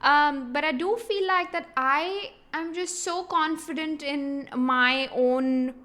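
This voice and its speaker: A woman's voice: sits high, slow, pushed and bright. A woman hosting a podcast, chatting casually and sharing her own experience with lots of "like" fillers. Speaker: podcast host. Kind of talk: casual chat.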